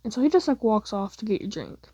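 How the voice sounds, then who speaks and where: A woman's voice: medium pitch, big pitch swings, fast, warm tone, slightly rough, no echo, studio quality. A young woman telling a second-person fan story in a casual, rambling way, filling her speech with "like". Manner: casual, rambling, heavy use of "like".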